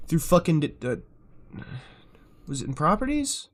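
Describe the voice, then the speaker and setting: A man's voice: on the high side, sing-song, a little slow, long pauses. A man live streaming, frustrated as he fixes his setup, swearing and muttering to himself.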